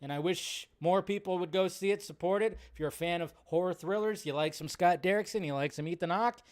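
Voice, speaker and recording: Male film-news streamer, somewhat high voice, casual and rambly, close mic. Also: a little fast. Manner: rambling, loose and conversational, lots of fillers. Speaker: host of a live film news show. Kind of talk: casual live-stream chat.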